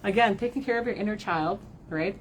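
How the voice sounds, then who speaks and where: A woman with a mid-range voice speaks a little fast over a faint hiss or hum in poor-quality audio. She's a card reader and spiritual advisor doing an emotional livestream for her followers, talking candidly, swearing, and often ending sentences with "right?" At times she sounds close to tears.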